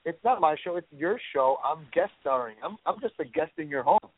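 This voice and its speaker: A man's voice: fairly high pitch, animated, fairly quick, slightly rough, no room sound. A man from Chicago, an actor guest in a casual podcast interview, joking playfully. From Chicago, USA. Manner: playful, jokey. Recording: tinny phone line.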